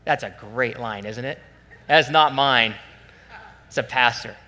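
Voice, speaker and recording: A man preaching a sermon as pastor, animated and acting out the voices he quotes. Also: mid-range voice, a little slow. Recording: long church hall reverb.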